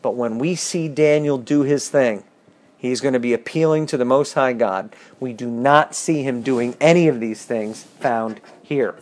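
A man leading a bible study, reading verses and explaining them with lively questions to the class. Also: mid-range voice, measured pace. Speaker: bible teacher.

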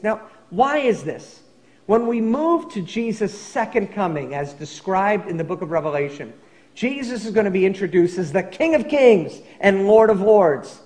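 A man with a high, light voice preaches to a church congregation. He reads scripture aloud and gives the quoted speakers dramatic lift, then slows down to explain the passage. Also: darkish tone. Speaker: pastor. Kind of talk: sermon with scripture reading. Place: church sanctuary.

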